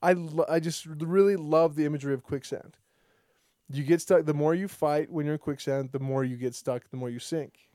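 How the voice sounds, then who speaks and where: Mellow-voiced man rambling through a podcast story. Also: normal speed, no echo, studio quality. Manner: rambling storyteller who restarts sentences often; acts out quoted dialogue with lively pitch jumps. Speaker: podcast host. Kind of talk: casual podcast chat.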